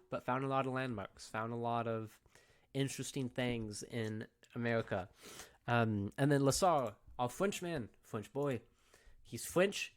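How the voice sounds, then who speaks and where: A young man, a teacher giving a recorded review lecture, laid-back and repetitive, often checking in with "okay?". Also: mid-range voice. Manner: casual, repeats points and checks in with "okay?".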